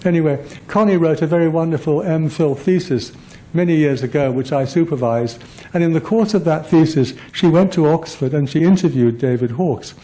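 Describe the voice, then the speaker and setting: An older man gives a public lecture, drifting from one personal anecdote to the next. His voice sits slightly high but sounds mellow and relaxed. He talks in a loose, self-deprecating way, full of fillers and false starts. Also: normal speed, poor audio. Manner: rambling, self-deprecating storytelling with many fillers and restarts. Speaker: guest lecturer.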